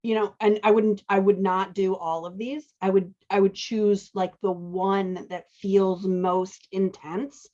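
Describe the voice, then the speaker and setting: Woman host walking a writer through edits, thinking out loud, keeps going "right?", kinda dull lo-fi sound. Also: medium pitch, little pitch movement, unhurried, few pauses. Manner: thinks aloud, often checks in with "right?". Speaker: host and dialogue editor. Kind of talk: casual teaching chat while editing a manuscript.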